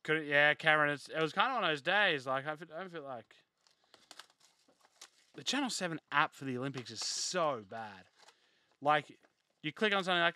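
A man's voice: fairly high pitch, expressive, normal speed, pushed and bright. A young man hosting a live card break, reading off player names and chatting casually with viewers.

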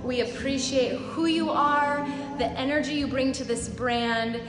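A woman's voice: high-pitched, steady tone, a little slow. A woman leading a virtual fitness class, calling out moves in an upbeat, sing-song way over workout music. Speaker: fitness instructor. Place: echoey studio with music behind. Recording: roomy studio with long reverb and loud music.

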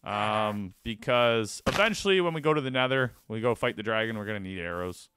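Bright-voiced playful male game streamer. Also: lowish voice, animated, a little fast, a little hiss or hum. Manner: casual, playful, chatty with viewers. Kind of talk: live gaming stream chat.

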